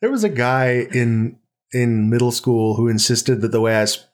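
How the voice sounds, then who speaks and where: A man with a New York accent hosting a casual podcast chat, making dry, deadpan jokes. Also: mid-range voice, moderate pace. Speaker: podcast host.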